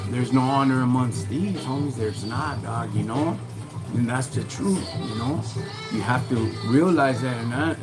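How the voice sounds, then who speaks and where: A man's voice: medium pitch, rough recording. A man in his thirties hosting a casual livestream from his shop, reading viewer comments and giving streetwise advice in heavy slang. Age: 30s. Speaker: livestream host.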